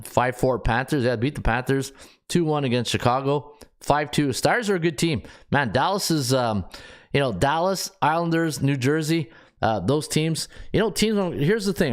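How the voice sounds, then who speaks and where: Man, podcast host, rambling, mid-pitched, thinking aloud, lots of fillers. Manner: rambling, thinks aloud while checking stats; heavy fillers and restarts. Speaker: sports betting podcast host. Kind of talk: casual solo analysis.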